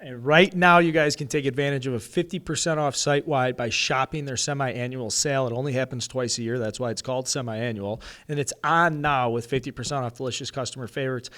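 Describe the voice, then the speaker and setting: A man co-hosting a baseball podcast, talking casually and reading an ad in an excitable, rambling way with some swearing. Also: mid-range voice, fairly quick, hardly any pauses. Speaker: podcast co-host. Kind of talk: casual sports podcast chat with ad read.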